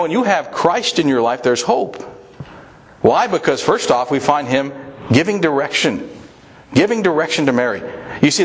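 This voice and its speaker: A middle-aged man preaching a sermon as pastor, earnest and conversational, often repeating himself. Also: a little high.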